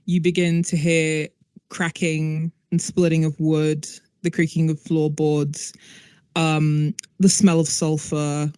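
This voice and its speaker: A woman game master narrates a spooky tabletop scene despite a sore throat. She speaks low-key, with frequent fillers, at a middle pitch. The sound is dry and close. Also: flat delivery, slow, mellow, smooth, dry recording.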